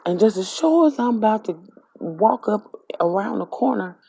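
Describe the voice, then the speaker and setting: A woman's voice: medium pitch, lively intonation, normal speed, gravelly, mellow, breathy edge, no echo. A woman from Mississippi with a Southern accent, animatedly retelling a dream in casual storytelling style. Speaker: spiritual vlogger.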